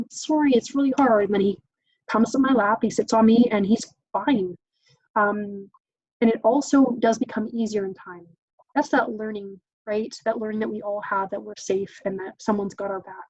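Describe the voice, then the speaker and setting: A woman's voice: medium pitch, darkish tone, no room sound. A young woman presents a caregiver training in a loose, conversational way, filling her talk with "um" and "like." Her voice sits in a middling register and is recorded dull and lo-fi. The sound is dry, with no room around it. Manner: chatty, many "um"s and "like"s. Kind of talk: casual online training talk.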